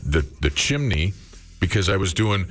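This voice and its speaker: A man's voice: low-pitched, very animated, normal speed, faint music behind. A middle-aged man hosting a morning radio show, telling a long rambling anecdote with fillers and restarts. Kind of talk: casual radio storytelling.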